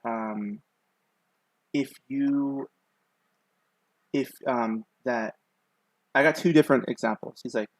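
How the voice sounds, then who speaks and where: A man's voice: mid-range voice, normal speed, long pauses, no echo, poor audio. A young man streaming while he draws, telling a long story in a loose, rambling way with lots of fillers. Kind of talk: casual chat while drawing.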